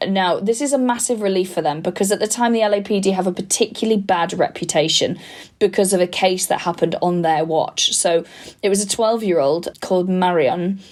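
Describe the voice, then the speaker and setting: A woman's voice: lowish voice, brisk. A woman co-hosting a true-crime comedy podcast, talking casually and bluntly and often restarting her sentences.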